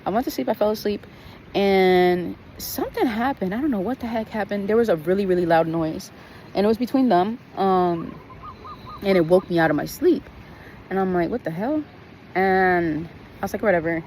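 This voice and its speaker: A woman's voice: mid-range voice, normal speed, a little mellow, a little hiss or hum, low-quality recording. A woman telling a story on her vlog in a casual, blunt, profane way, venting about her trip. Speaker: vlogger.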